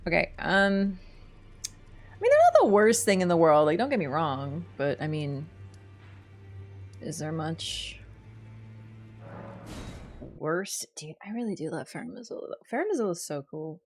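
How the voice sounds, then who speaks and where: A woman's voice: low voice, animated, measured pace, long pauses, soft background music. Chatty woman streaming a video game. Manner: chatty, playful, teasing, thinks out loud with many fillers. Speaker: gaming streamer. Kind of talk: casual live-stream chat while playing a video game.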